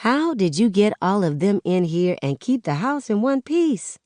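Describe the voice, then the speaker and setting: A woman voicing a loving middle-aged mother who speaks in a measured, no-nonsense way. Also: mid-range voice, sing-song, a little mellow, no room sound, clean studio sound, pitched above the performer's own voice, lightly acted.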